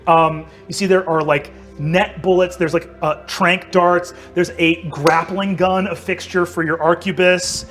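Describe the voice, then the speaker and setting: A man's voice: sits high, steady tone, measured pace, few pauses, fairly bright tone, soft background music. A man in his thirties narrating as game master in a casual way, with many ums and likes.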